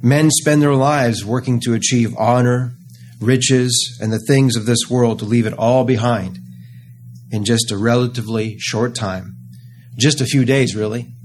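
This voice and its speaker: A man preaching a sermon, earnest and emphatic, slowing down to stress key phrases. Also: mid-range voice, darkish tone, a little hiss or hum.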